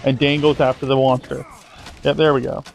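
A gameplay commentator with a creaky, medium-pitched, level voice talks a little fast over his own playthrough, a slight hiss or hum in the background. His let's-play commentary is sarcastic and mock-dramatic, with casual swearing.

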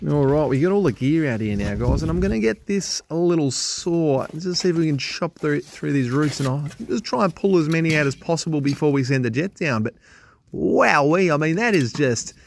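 This is an enthusiastic Australian drain cleaner chatting to his viewers with plenty of slang. His voice sits a touch high for a man. Loud machinery noise rumbles behind him outdoors. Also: animated, brisk, vocal fry. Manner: enthusiastic, slangy, swears casually. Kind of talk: casual vlog commentary.

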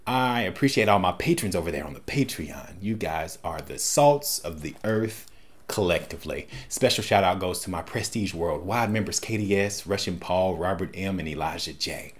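A man's voice: low voice, lively intonation, moderate pace. A man hosting a first-time movie reaction, making jokey, wisecracking asides. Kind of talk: casual reaction commentary.

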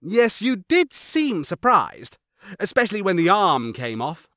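A man's voice: high-pitched, wildly swooping pitch, measured pace, pushed and bright, no room sound, clean studio sound, pitched above the performer's own voice, full character voice. A man doing a smug, prissy crewmate. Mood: gloating. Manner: gloating, prim delivery. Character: smug, prissy male crewmate who gloats.

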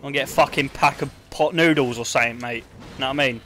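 A man's voice: medium pitch, fast, bright, forceful tone, slight background noise, close to an everyday voice. A man putting on a rowdy, broke young London lad with a thick Cockney accent, full of mate-and-bruv slang. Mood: cheeky, cadging.

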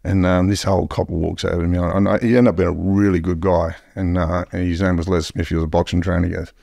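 A man's voice: deep voice, little pitch movement, fast, gravelly, mellow, no echo, studio quality. An Australian man telling stories as a podcast guest in a blunt, heavily profane way. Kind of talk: casual storytelling.

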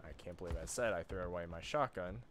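A man casually commenting on his own horror gameplay, muttering to himself with sudden loud outbursts. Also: low-pitched, quick pace, slight background noise. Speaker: streamer playing a horror game.

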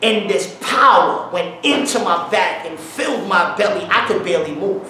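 High-voiced preacher in an echoey hall. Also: male voice, normal speed, slight background noise. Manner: animated, bursts into song and shouts while retelling; slangy street talk. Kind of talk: informal sermon storytelling. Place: church hall. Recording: very echoey hall, mic at a distance.

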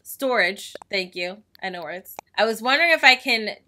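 A young woman gaming YouTuber giving casual, excitable, self-mocking commentary as she plays. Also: mid-range voice, moderate pace. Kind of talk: casual let's-play commentary. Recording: faint game music behind.

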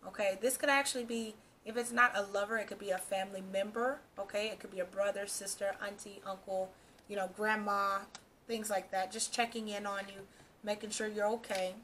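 A woman gives a casual tarot reading to her viewers and talks to them directly. She sounds reassuring and keeps checking in with "okay" and "all right." Her voice sits at an ordinary middle pitch, with a faint hiss in the background. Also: fairly even intonation, a little fast, fairly bright tone. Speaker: tarot reader.

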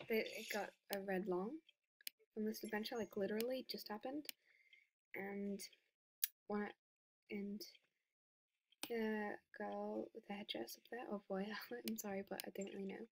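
A woman giving casual commentary over her gameplay, excitable and giggly, often dropping to a whisper. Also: medium pitch, measured pace, pauses often, slight background noise. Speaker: game video creator.

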